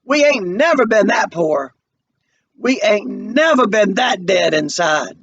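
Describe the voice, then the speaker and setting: A grave, loving old mother read by a man lays down slow, weighty words of reproach. The voice sits fairly high, and the recording is slightly muffled. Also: lively intonation, fairly bright tone, slight background noise, full character voice. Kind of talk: dramatic play reading.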